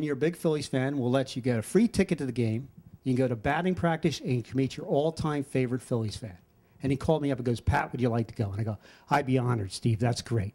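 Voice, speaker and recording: An older man telling a personal story live at a story slam, animating the quoted voices of people around him. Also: medium pitch. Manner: animated, acts out quoted friends with voice shifts.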